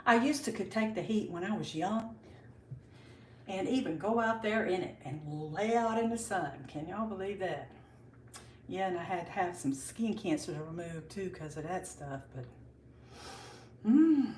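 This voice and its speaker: A woman's voice: on the low side, expressive, a little slow, pauses often, a little mellow, roomy sound, far from the mic, a little hiss or hum. An older woman chatting casually with viewers on a livestream from her kitchen, greeting them by name, a bit out of breath. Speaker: livestream host. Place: kitchen at home.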